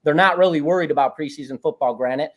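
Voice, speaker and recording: A man's voice: fairly high pitch, fast talker, fairly bright tone. Talkative male betting handicapper. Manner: talkative, confident, rambling. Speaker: guest sports handicapper. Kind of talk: casual sports betting analysis.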